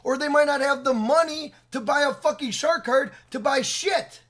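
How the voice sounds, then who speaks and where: Male gaming creator, high voice, furious profane rant, blunt and repetitive. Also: moderate pace, fairly bright tone. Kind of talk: angry rant to camera.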